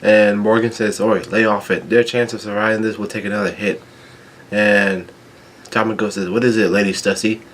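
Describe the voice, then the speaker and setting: A man reading a comic chapter aloud, stumbling, restarting words and filling pauses with ums. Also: lowish voice, level tone, fairly bright tone, slight background noise. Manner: halting, with frequent restarts and ums. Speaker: manga chapter reader.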